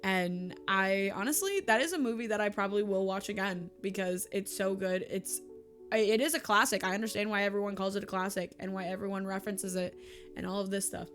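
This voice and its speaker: A woman's voice: medium pitch, fairly quick, a bit bright, faint music behind. A young woman, chatting casually to camera in a vlog, emotional and gushing, laughing often and teary. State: tearful. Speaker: YouTuber and streamer. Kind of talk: casual monthly vlog chat.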